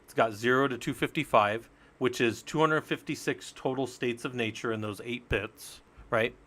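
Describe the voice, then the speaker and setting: A man in mid pitch teaches networking on a relaxed live stream. He walks through each step in a chatty way and banters with his viewers as he goes. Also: normal speed. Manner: chatty, explains step by step, jokes with chat. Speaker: live-stream Linux instructor.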